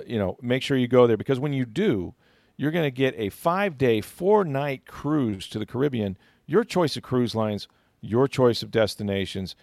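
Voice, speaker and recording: Male podcast host, low-pitched, loose conversational delivery, dry studio sound. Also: vocal fry, dry recording. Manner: relaxed storytelling with many fillers. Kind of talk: casual sports podcast chat.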